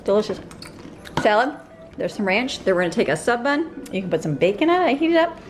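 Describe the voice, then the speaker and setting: A woman's voice: on the high side, big pitch swings, quick pace, slight background noise. A woman in her thirties, a homeschooling mother, chatting through her day in a casual vlog while she goes about her chores at home. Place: car, home and kitchen. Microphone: handheld camera.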